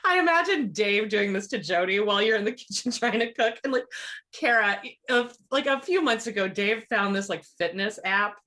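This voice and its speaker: A woman co-hosting a podcast, her voice at an ordinary middle pitch. She gossips in a giggly, animated way. Her talk is loose and chatty. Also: normal speed. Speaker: podcast co-host. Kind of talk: casual chat.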